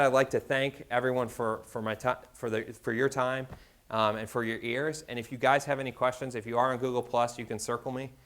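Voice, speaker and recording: A man speaking at a conference, making direct and persuasive appeals to the audience. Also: medium pitch. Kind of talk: conference presentation.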